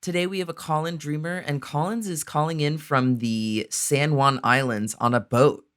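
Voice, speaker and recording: A man hosting a call-in dream podcast, playful and quick to laugh as he greets a caller. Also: fairly high pitch, smooth. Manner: playful, laughs easily, lively exclamations. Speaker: podcast host and dream interpreter.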